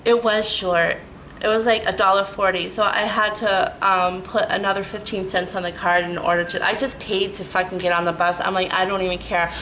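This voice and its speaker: A middle-aged woman telling a rambling, animated story in a casual vlog, full of "like" and restarts. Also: mid-range voice, a little fast, slight background noise, rough recording. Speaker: storytelling vlogger.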